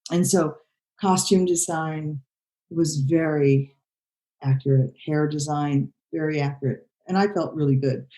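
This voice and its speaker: An older woman director talks through her work in a relaxed interview. Her voice sits low and warm. She meanders, restarts her sentences and leans on "you know" constantly. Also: a little slow, poor audio. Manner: rambling, many "you know" fillers and restarts. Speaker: film director, interview guest. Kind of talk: conversational interview.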